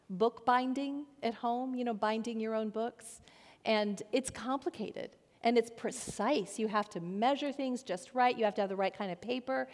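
Reflective woman speaking in a hall. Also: a little high. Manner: personal, searching, with small restarts. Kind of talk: reflective sermon talk. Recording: reverberant hall.

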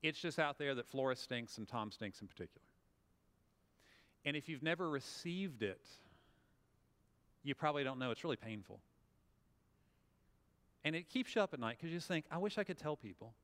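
A man's voice: fairly high pitch, animated, moderate pace, pauses often, fairly bright tone. A man with a Southern US accent giving a conversational, humorous motivational talk, acting out little scenes for the audience. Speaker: speaker. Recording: long hall reverb.

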